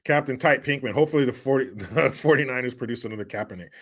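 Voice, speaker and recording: A man hosting a livestream, reading viewer chat aloud and bantering in a loud, profane, joking way, often laughing and teasing rival fans. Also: mid-range voice, fast talker, few pauses. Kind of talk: casual chat.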